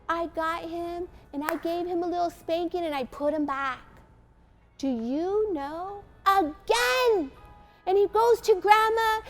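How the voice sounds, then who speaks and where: A woman pastor giving parenting advice through a lively personal story, acting out the voices of those in it. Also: very high voice. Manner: animated storytelling, acts out quotes. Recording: faint music behind.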